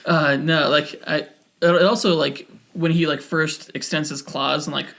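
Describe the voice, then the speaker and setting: A man co-hosting a podcast, chatting casually with short agreeing replies and quick, jokey asides. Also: a little high, fairly even intonation, creaky, sharp tone. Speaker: podcast co-host. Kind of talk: casual review chat.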